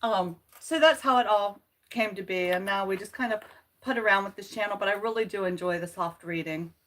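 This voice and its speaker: A woman's voice: medium pitch, fairly quick, a bit bright. A woman hosting a casual livestream, chatting playfully and laughing at her own jokes. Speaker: channel host.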